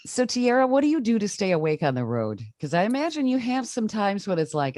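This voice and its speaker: A woman's voice: medium pitch, big pitch swings, brisk, few pauses, darkish tone, no echo, studio quality. A woman hosting a podcast, asking curious follow-up questions. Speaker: podcast host. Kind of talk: interview questions.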